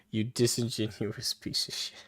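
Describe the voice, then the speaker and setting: A man's voice: mid-range voice, dry recording. A male live-stream host reacting to a clip, profane and mocking, laughing often as he talks.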